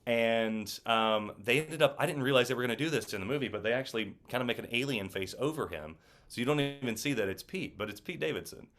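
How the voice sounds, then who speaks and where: A young adult man, an actor, chatting in an interview and telling lively stories with lots of fillers. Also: mid-range voice, fast. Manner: animated storyteller, acts out quotes. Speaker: actor guest. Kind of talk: casual interview chat.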